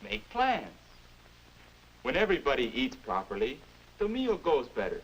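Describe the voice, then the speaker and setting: A prim, preachy manners instructor. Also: male voice, medium pitch, wildly swooping pitch, moderate pace, gravelly, crowd noise, low-quality recording. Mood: lecturing. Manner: earnest, instructive, moralizing. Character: prim adult man lecturing a teen on manners. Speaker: educational film narrator playing the grown-up future self. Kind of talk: 1950s educational film acting.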